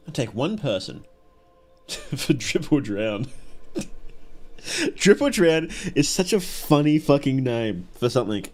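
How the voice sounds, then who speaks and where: A young male streamer commentates his game live with an animated, bouncy voice that rises and falls a lot. He chats loosely, laughs often and reads the characters' lines aloud as he plays. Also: mid-range voice.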